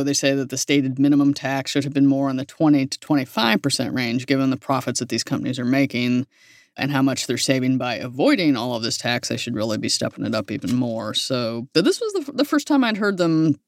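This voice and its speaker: A man's voice: mid-range voice, a little fast, no echo, studio quality. A man co-hosting a podcast, running through tech headlines in a wry, rambling way with plenty of fillers. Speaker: podcast co-host. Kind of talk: casual tech news chat.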